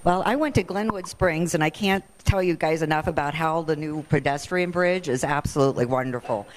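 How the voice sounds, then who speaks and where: A woman's voice: sits low, fairly quick, slight background noise. A woman at a club meeting chatting enthusiastically about a recent trip. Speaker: club member sharing travel news.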